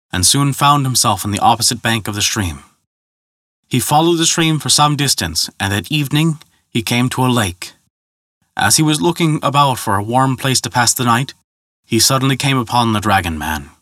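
A man narrating a folk tale in a measured, scripted storytelling style. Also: medium pitch, pushed and bright, no room sound, studio quality.

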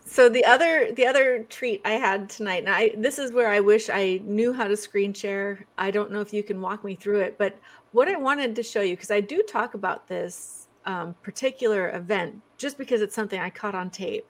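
A woman's voice: mid-range voice, normal speed. A woman being interviewed as a guest over a video call, chatty, breaking off her own sentences and laughing often.

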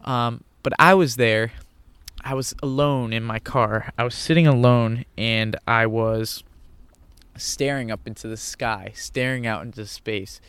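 A man's voice: mid-range voice, a little slow, a bit bright, smooth, dry recording. A man telling a personal story in an earnest way, repeating phrases for emphasis. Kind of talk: personal monologue.

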